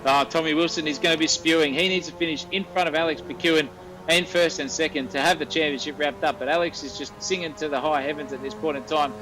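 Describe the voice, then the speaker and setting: A man's voice: fairly high pitch, fairly even intonation, fast, rough recording. A man with an Australian accent calling a sim race, colloquial and breathless as the battle heats up. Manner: breathless, colloquial, shouting over the action. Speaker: race commentator. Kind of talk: excitable sim racing commentary.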